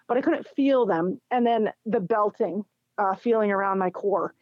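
A woman's voice: mid-range voice, moderate pace, no echo. A middle-aged woman, an interview guest, telling a personal story in casual chat and acting out what others said. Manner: animated, acts out quoted dialogue with laughs. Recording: dull, dry lo-fi recording.

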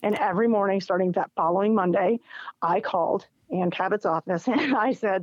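In a brisk, medium-pitched, slightly rough voice, a middle-aged woman tells a personal story as a casual interview guest. She's animated, laughing as she acts out other people's dialogue. The recording is dull, dry, and lo-fi, with no room sound.

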